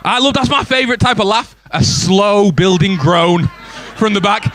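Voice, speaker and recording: Man, twenties, English accent, stand-up comic, crowd banter, slightly high voice. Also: moderate pace, fairly bright tone, faint music behind. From England. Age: 20s. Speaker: stand-up comedian. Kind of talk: stand-up comedy set. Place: comedy club stage.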